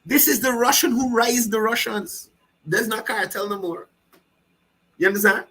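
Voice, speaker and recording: A man's voice: high-pitched, fairly even intonation, normal speed, sharp tone, slightly rough, low-quality recording. A man with a Guyanese accent giving fiery, mocking political commentary. He keeps repeating himself and asking the listener if they understand.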